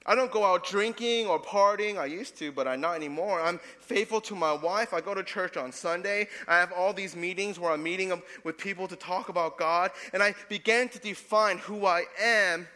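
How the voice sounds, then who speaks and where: A young adult man, a pastor preaching a sermon, swinging between loud emphatic passages and soft hushed ones. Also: sits high, normal speed, few pauses, big-room sound.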